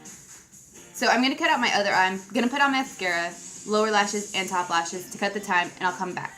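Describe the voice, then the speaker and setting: A woman's voice: medium pitch, brisk, pushed and bright, rough recording. Young woman doing a makeup tutorial, giggly chatty asides, music going in the background. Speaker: beauty vlogger. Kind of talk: casual makeup tutorial talk.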